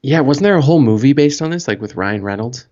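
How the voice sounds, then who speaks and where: A man with a Canadian accent in casual podcast chat, making dry, deadpan jokes. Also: medium pitch, fast. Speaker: podcast co-host. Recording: dull lo-fi audio.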